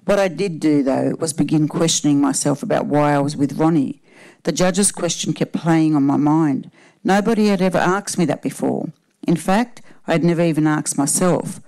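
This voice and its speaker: A woman, a panel guest reading her own personal story aloud in a steady, measured way. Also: sits low, low-quality recording.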